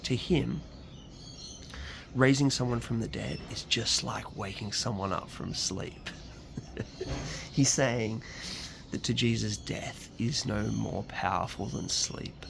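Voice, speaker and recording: A man reading scripture and reflecting on it in a relaxed, conversational devotional talk, with frequent ums and restarts. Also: medium pitch, slow, gravelly, long pauses, background noise. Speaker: preacher giving a Bible reflection.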